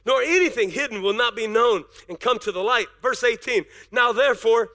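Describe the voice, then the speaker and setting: A man's voice: extremely high pitch, bright, forceful tone. A male pastor preaching a sermon in a conversational way, acting out little dialogues and often restarting words. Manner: repeats words in quick restarts.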